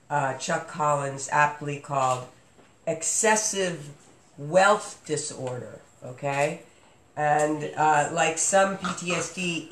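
A man's voice: fairly high pitch, a bit bright. A man hosting a casual podcast chat, rambling with lots of fillers and restarts. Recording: echoey room with faint noise.

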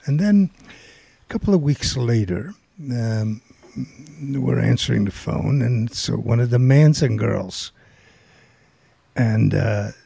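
Older male storyteller, raspy and mellow, dry close sound, animated delivery. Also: mid-range voice, slow, long pauses, no room sound. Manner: rambling, animated storytelling with quoted voices. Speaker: guest storyteller. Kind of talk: casual anecdote telling.

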